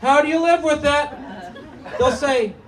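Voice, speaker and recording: High-voiced man doing stand-up. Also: unhurried, a crowd in the background. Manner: animated, mock-serious storytelling with put-on voices. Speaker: stand-up comedian. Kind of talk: stand-up comedy set. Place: small cafe stage. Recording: distant mic with noisy room. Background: audience laughter.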